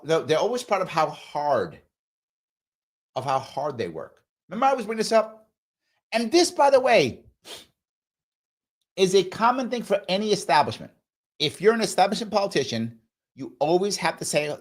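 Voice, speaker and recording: A man runs a live ask-me-anything stream, taking viewer comments one by one. His pitch swoops up and down as he stresses points, and he repeats key phrases for emphasis. He also slips into mocking impressions of the people he argues against. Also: wildly swooping pitch, moderate pace, pauses often. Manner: does mocking voices of opponents.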